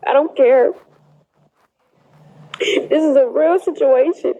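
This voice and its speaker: High-pitched young woman crying thru a phone live, defiant and repeating herself. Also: slow, dark tone, muffled recording. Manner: emphatic, repetitive, defiant. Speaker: social media livestreamer. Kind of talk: emotional livestream monologue.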